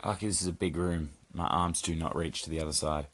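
A man's voice: deep voice, fairly even intonation, fast talker, noisy background. A man hosting a casual solo podcast check-in from home, rambling and swearing, mocking himself and scolding his cat. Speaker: podcast host.

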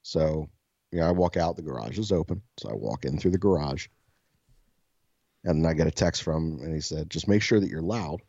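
A self-described soft-spoken man, a podcast co-host, telling a story casually, swearing freely and laughing often. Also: a bass voice, animated, fairly quick, gravelly, breathy edge, dry recording, muffled recording.

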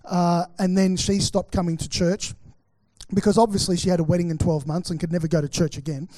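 A man's voice: sits high, little pitch movement, a little fast, warm tone, no room sound. A middle-aged Australian man preaching a sermon, chatty and anecdotal, acting out quotes with many fillers. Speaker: pastor. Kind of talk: sermon with personal stories.

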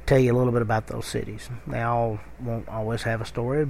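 A man's voice: mid-range voice, level tone, brisk, vocal fry, a little mellow, a little hiss or hum. A middle-aged man with a Kentucky accent, telling a rambling story in a casual podcast monologue. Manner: rambling, conversational, with many fillers and restarts. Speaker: podcast host.

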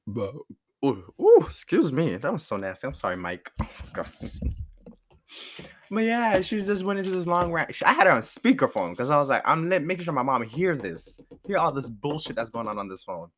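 A man telling a personal story in casual chat, animated and profane, with frequent laughs. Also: fairly high pitch, normal speed.

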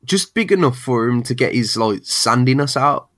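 Giggly animated man. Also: medium pitch, moderate pace. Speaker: podcast co-host. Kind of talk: casual comic-book chat.

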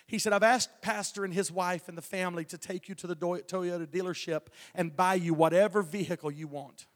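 A man's voice: high-pitched, steady tone, fairly quick. Folksy preacher man in a hall. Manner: folksy storytelling, stammering restarts, chuckles. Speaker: evangelist. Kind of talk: preaching a testimony. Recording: long hall reverb.

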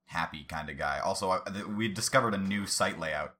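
A young man chatting casually with a co-host between story readings, relaxed and offhand. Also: sits low, fairly quick, crowd noise. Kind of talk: casual chat.

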